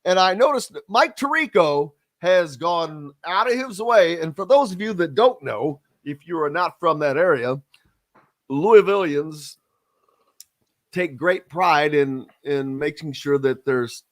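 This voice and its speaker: A man, hosting a casual sports radio talk show with drawn-out, emphatic, opinionated delivery. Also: a little high, animated, no room sound. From Southern Indiana.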